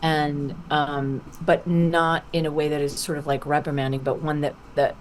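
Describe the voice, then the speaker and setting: A middle-aged woman with a notably low, dusky voice, talking over a video call as a podcast guest. She tells her stories with real relish and slips into acted-out quotes along the way. A faint hiss of noise sits under the call. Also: normal speed. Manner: lively anecdotal storytelling with acted-out quotes. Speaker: voice actor guest. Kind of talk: podcast interview.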